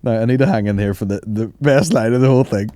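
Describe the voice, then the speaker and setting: A man's voice: mid-range voice, fast talker. A man hosting a podcast, telling stories casually with plenty of swearing and laughter. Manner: swearing, laughing, animated storytelling. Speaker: podcast host.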